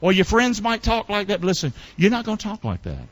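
A man preaching a sermon, calling out questions for the congregation to answer and swinging between loud bursts and quiet asides. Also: sits high, wildly swooping pitch, fairly quick. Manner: call-and-response preaching, quizzing the congregation. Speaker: pastor.

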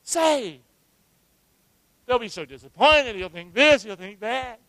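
A man preaching a sermon to his church, talking conversationally with rhetorical questions and swinging from hushed asides to loud, emphatic lines. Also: sits high, expressive, normal speed, no echo. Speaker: pastor. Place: church sanctuary.

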